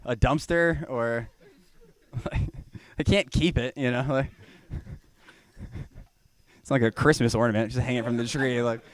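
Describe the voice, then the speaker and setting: A man's voice: mid-range voice, steady tone, unhurried, long pauses, dry recording. A young man from Georgia doing a rambling, profane stand-up set in a small venue. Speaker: stand-up comedian.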